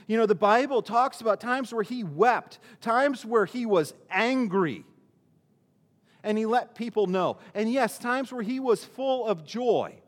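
A man's voice: extremely high pitch, expressive, measured pace, long reverb tail. A male pastor preaching a sermon in a conversational way, often restarting his sentences and using fillers.

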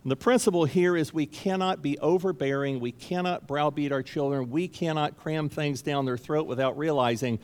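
A man's voice: a little high, normal speed, hardly any pauses, a little mellow, smooth. A man preaching a sermon as pastor, speaking emphatically and repeating key phrases for stress. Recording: long reverb of a large hall.

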